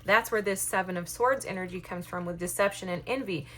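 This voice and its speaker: A woman's voice: fairly low pitch, fairly quick, fairly bright tone. A woman giving a collective tarot reading to her viewers, enthusiastic and encouraging, speaking straight to them. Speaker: tarot reader.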